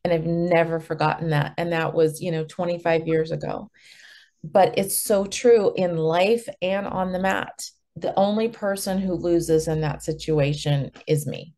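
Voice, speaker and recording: A middle-aged woman talks in a reflective, earnest way as a podcast guest. Her voice sits on the low side. She chooses her words with deliberate care. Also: fairly even intonation, dark tone. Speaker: guest, martial arts master and author. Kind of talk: conversational podcast interview.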